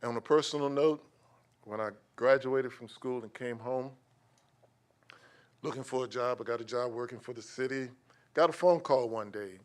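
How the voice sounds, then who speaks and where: A man's voice: medium pitch, normal speed, long pauses. A man, giving a preacherly invocation at a county meeting, rhythmic and rising on key words. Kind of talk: spoken invocation and prayer. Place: county commission meeting chamber.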